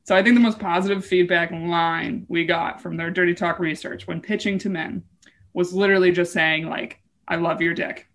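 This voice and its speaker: A woman's voice: fairly low pitch, steady tone, moderate pace. A woman guest, a comedian, chatting playfully and joking on a podcast. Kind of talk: casual chat.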